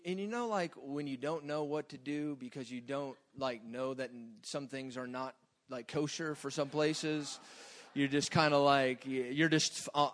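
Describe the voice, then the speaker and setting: A man preaching a sermon in a loose, joking way that swings between quiet asides and loud bursts. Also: on the high side.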